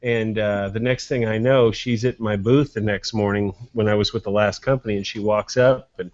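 A man's voice: lowish voice, steady tone, normal speed, darkish tone, dry recording, highs cut off. A middle-aged man, a guest telling bawdy, joking stories during a casual cigar-smoking chat. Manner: bawdy storyteller, brash and joking.

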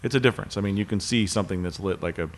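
Fast-talking low-voiced male co-host. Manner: quick, agreeable, chiming in with short replies. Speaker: podcast co-host. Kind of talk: casual chat.

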